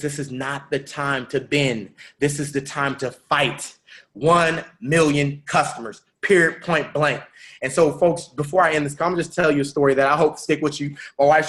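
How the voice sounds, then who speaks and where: A man giving a motivational talk on a business webinar, preaching, repeating phrases and rising to shouts. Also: fairly high pitch. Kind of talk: motivational speech with storytelling.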